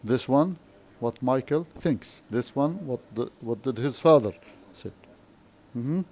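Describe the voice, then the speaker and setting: Male English teacher, Arabic accent, unhurried, repeats and questions the class; faint room noise. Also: medium pitch, expressive, darkish tone. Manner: slow, repetitive, frequent questioning tags. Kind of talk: classroom lesson explanation.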